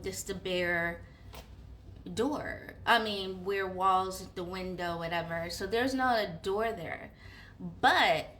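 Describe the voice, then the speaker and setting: Bright-voiced woman telling a story. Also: mid-range voice, a little hiss or hum. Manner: animated, with many fillers and acted-out inner dialogue. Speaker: vlogger. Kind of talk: casual storytelling.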